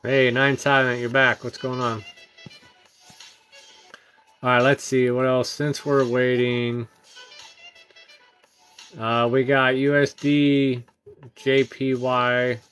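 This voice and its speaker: A man's voice: mid-range voice, clear, resonant tone. Tired male streamer, mid-range voice, loose filler-heavy chart talk, light music bed. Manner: relaxed, halting, many ums and uhs, greets chat viewers. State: tired, yawning. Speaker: trading livestream host. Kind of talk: casual live-stream chart commentary.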